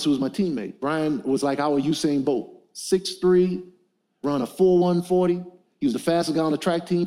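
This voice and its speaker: Middle-aged man, emphatic motivational preacher, warm and fairly high voice. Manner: call-and-response, emphatic storytelling. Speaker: motivational speaker. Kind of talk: preaching to a men's gathering.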